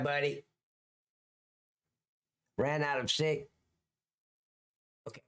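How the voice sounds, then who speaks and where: A man's voice: fairly high pitch, a bit bright. A middle-aged man hosting a live stream, chatting casually with viewers in a joking, crude, rambling way. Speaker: livestream host.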